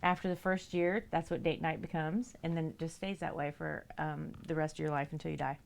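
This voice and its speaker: A woman with vocal fry and a level tone talks fairly quickly, with slight background noise, in a casual livestream. She laughs a lot, reads viewers' messages aloud, and adopts a high, sing-song voice for her cats.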